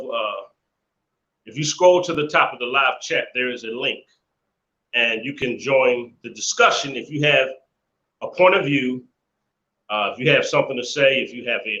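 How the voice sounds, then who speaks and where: A man hosting a live stream rants indignantly in casual commentary, repeating himself, with a medium-pitched, bright, forceful voice. The room is echoey and the sound dull and lo-fi.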